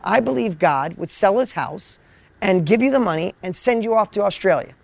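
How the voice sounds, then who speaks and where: A man telling his story on a motivational panel, energetic and full of repeated words. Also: high-pitched, moderate pace, gravelly, no echo. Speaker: business coach.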